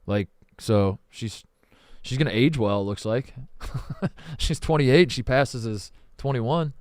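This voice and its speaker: A man's voice: medium pitch, a little mellow, no room sound, clean studio sound. Laid-back man in casual sports chat. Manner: laid-back, drawn-out teasing. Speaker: podcast co-host.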